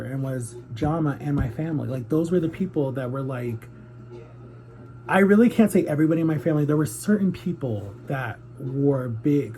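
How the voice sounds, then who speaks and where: A man's voice: on the high side, dark tone, slight background noise. A man of thirty speaking candidly and earnestly to viewers in a heartfelt confessional vlog. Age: 30s. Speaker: YouTuber.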